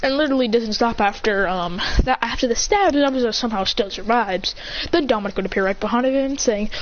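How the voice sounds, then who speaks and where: A woman improvising an action fan story, excitable, acting out sounds and shouts. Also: on the high side, brisk, dull audio, slight background noise.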